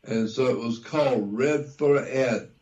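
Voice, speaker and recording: An older man talking in an interview, slow and repetitive, lecturing as he explains. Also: medium pitch, darkish tone, lo-fi sound. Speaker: guest researcher. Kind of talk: conversational interview.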